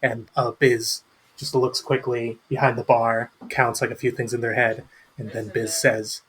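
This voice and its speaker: A man's voice: mid-range voice, level tone, a little slow, a bit bright, a little hiss or hum. A man narrating as game master in a casual, rambling way.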